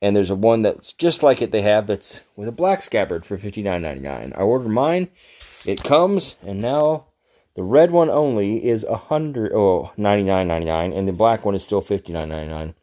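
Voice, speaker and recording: Deep-voiced man rambling about swords. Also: lively intonation, a little fast, warm tone. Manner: rambling, self-deprecating, chuckles at himself. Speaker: sword collector reviewing his gifts. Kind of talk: casual show-and-tell vlog.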